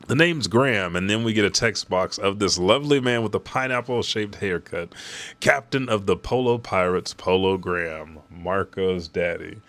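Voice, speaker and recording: A man's voice: sits low, moderate pace, fairly bright tone. A man hosting a weekly live read, reading a comic chapter aloud and reacting casually, swearing freely between the lines.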